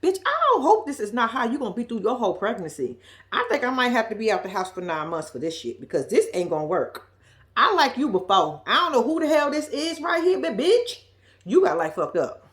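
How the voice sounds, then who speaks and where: A woman's voice: on the high side, big pitch swings, fairly quick, fairly bright tone. A woman with giving a blunt, profane, casual recap of a reality show, with laughing asides.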